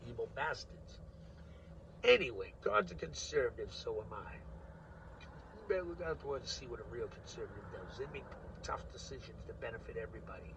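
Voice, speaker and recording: A middle-aged man in a rambling, profane political monologue, laughing often and swinging between loud rants and muttering. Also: mid-range voice, far from the mic, background noise. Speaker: vlogger.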